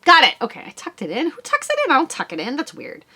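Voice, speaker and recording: A woman's voice: high voice, huge pitch swings, fast, sharp tone. A woman in her forties hosting a knitting podcast, chatting casually as she shows off her purchases, rambling and poking fun at herself. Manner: chatty, rambling, self-mocking. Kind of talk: casual show-and-tell chat.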